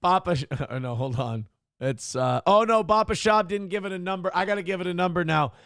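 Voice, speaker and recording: A man with a fairly high, gravelly voice hosts a casual morning talk show. He reads out viewer comments in a crude, joking, mock-announcer manner. The sound is dry and close. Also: a little fast, a bit bright, no room sound. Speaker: host of a live internet morning show. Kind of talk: casual comedic chat, reading viewer comments aloud.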